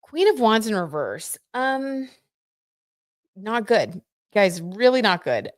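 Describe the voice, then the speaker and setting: A young woman hosting a casual tarot livestream, chatty and animated, full of fillers and asides to her viewers. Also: medium pitch, slow, no echo, clean studio sound. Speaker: tarot reader and livestream host.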